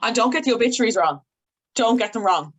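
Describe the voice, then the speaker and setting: A young woman radio journalist, a guest chatting casually in an interview and telling lively stories with quick asides. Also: on the high side. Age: young adult.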